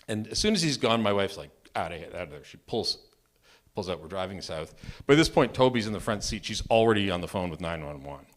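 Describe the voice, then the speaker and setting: A married man telling a true personal story at a live open mic, animated and self-mocking, often restarting his sentences. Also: fairly low pitch, fairly quick. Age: adult, married. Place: storytelling venue, live event.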